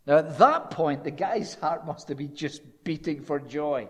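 A man's voice: a little fast, few pauses. Man preaching in a reverberant hall. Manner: animated storytelling, dropping low and quiet for quoted speech. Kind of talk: sermon.

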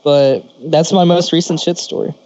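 A man's voice: fairly high pitch, fairly even intonation, normal speed, darkish tone, highs cut off. Laughing, swearing man telling stories. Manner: laughs often, swears freely. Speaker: podcast co-host. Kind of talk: casual crude storytelling.

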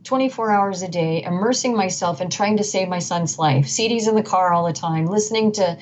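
A woman's voice: medium pitch, a little fast, a little mellow. Earnest middle-aged woman, lo-fi sound. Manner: emphatic, repeats and restarts phrases, quotes others. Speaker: guest. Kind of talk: earnest conversational storytelling. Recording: dull lo-fi sound with faint noise.

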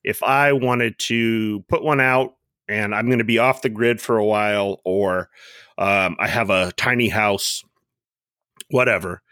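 A man's voice: lowish voice, steady tone, measured pace, pushed and bright, no room sound, clean studio sound. A man co-hosting a casual podcast, telling rambling stories with lots of fillers and restarts. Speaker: podcast co-host.

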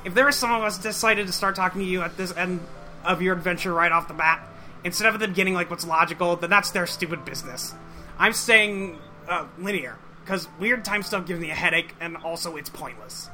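Guy doing a bratty nasal troll alien kid, high bright voice, snarky and rude, always arguing. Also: fairly quick, faint music behind. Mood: taunting. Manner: mocking, insulting, argumentative. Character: crude contrary young male alien troll.

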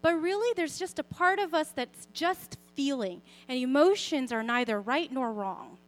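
A young woman giving a personal faith talk, speaking expressively and conversationally, often softening to a quiet, gentle tone. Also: high voice, lively intonation, normal speed. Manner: conversational, with fillers and self-corrections. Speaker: Christian speaker sharing a parenting story.

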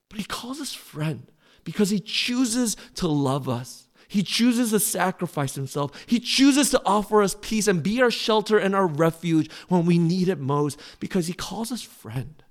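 A middle-aged pastor preaching an earnest, pleading sermon in a fairly high voice. He pushes louder on the phrases he wants to land and leans into direct questions to his listeners. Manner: drops to a soft, low close in prayer.

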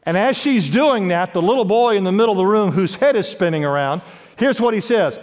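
A man preaching a sermon as pastor, emphatic, with wide swings in pitch and loudness, in a large church. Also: animated, fairly quick. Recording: long hall reverb.

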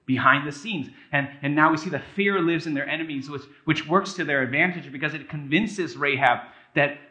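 A man's voice: a little high, brisk. A man preaching a sermon as a pastor in a casual, conversational way. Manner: conversational, animated, acts out quotes with a raised voice. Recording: echoey room.

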